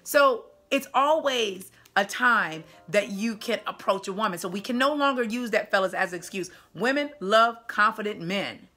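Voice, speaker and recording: A woman's voice: mid-range voice, expressive, moderate pace, few pauses, bright, forceful tone, faint music behind. A woman dating coach giving casual video commentary in an emphatic, chatty way with punchy asides.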